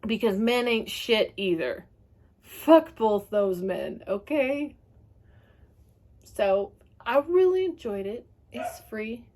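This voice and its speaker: A woman's voice: a little high, lively intonation, slow, darkish tone. A woman giving a casual, ranting book review, talking in a chatty, sweary way and laughing often.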